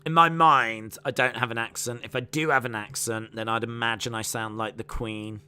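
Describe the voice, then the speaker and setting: This stream host calls a fight play-by-play during a live watch-along, chatting with his audience and reading their comments. His mid-range voice keeps fairly even intonation at a moderate pace and sounds pushed and bright yet clean.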